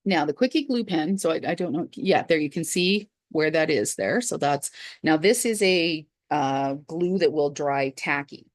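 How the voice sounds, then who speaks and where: A woman's voice: sits low, expressive, normal speed, no room sound. A woman hosting a casual crafting tutorial, chatting through each step as she works and checking in with viewers. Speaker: craft channel host.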